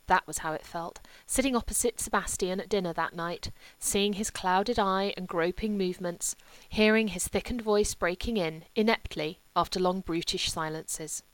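A woman's voice: fairly low pitch, normal speed, few pauses, no room sound. Woman reading an audiobook, dry sound. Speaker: audiobook reader. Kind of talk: scripted narration.

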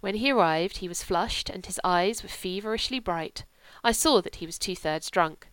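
A woman reading a novel aloud in a measured, clear narration. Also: medium pitch, fairly bright tone, no echo. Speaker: audiobook reader. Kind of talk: scripted narration.

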